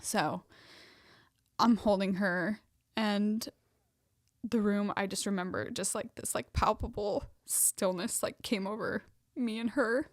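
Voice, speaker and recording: A woman's voice: medium pitch, slow, dry recording, studio quality. Young woman telling a story, lots of fillers. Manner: emotional storytelling with many fillers. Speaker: podcast co-host. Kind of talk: casual chat.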